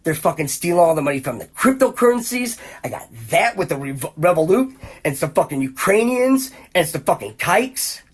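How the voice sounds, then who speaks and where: A man's voice: high voice, big pitch swings, brisk, husky. A man hosting a podcast, talking in a heated, profane, rambling rant full of restarts and repeated exclamations. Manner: repeats exclamations in rising bursts. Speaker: podcast host.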